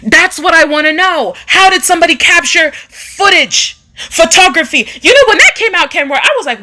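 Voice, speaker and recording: A woman with a high voice, big pitch swings, and a pushed, bright tone hosts a casual live stream at normal speed. She reads viewer comments and chats emphatically, often repeating phrases for effect.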